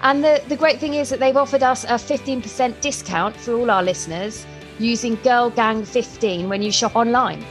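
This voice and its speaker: A woman's voice: fairly high pitch, moderate pace, soft background music. A woman co-hosting a podcast, chatty and giggly, joking at her own expense over a video call. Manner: chatty, giggly, self-deprecating. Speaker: podcast co-host. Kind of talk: casual chat.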